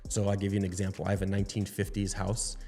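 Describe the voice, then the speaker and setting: A man's voice: low-pitched, completely flat delivery, fast talker, warm tone, faint music behind. A man hosting a podcast, explaining ideas in a coaching way. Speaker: podcast host. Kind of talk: casual podcast conversation.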